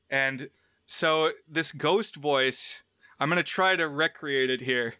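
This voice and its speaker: A man with a bright, crisp, smooth voice co-hosts a casual film-review podcast. He retells scenes animatedly and jumps up in pitch to quote characters. The sound is dry and close. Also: slow, no room sound. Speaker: podcast co-host.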